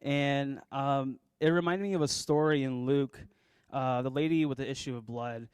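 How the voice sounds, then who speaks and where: A young man speaks to his church group in a halting, heartfelt way, full of ums and pauses as he steadies himself. His voice sits at an ordinary middle pitch and the recording is dry and close, with no room echo. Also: fairly even intonation, a little mellow, clear, resonant tone. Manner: halting, many fillers, choked up, apologetic. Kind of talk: emotional personal testimony and sermon.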